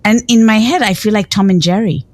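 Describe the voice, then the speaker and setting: A woman hosting a podcast, interviewing her guest and telling animated stories with frequent restarts. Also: medium pitch, brisk, no echo. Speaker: podcast host.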